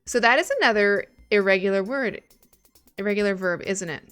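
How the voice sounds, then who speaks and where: A woman's voice: mid-range voice, a little fast, a bit bright, clear, resonant tone, soft background music. A woman streaming live as she studies German, chatting casually and thinking aloud, swearing now and then when she gets stuck.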